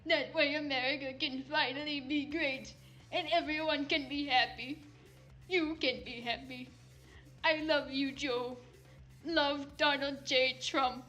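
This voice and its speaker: A woman reads as a lovesick, self-pitying aging statesman writing his farewell letter. The delivery is slow, mournful and melodramatic. The voice sits high and sounds bright. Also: steady tone, faint music behind.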